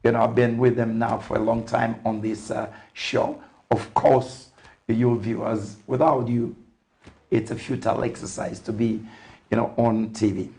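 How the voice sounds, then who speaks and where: An older man from Zambia hosts a television interview show. His voice is gravelly with a rough edge, and he takes his time, padding his questions with fillers. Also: mid-range voice, little pitch movement. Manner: unhurried, warm sign-off phrases, frequent fillers. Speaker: TV talk show host.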